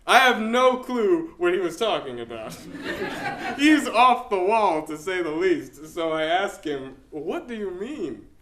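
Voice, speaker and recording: A man's voice: sits high, big pitch swings, takes it slowly, slight background noise, heavily acted. Young man playing a wry pastor facing ALS. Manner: shifts from wry humor to quiet gravity, with soft laughs. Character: middle-aged male pastor with ALS, wry, facing death. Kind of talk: dramatic interpretation performance. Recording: echoey hall.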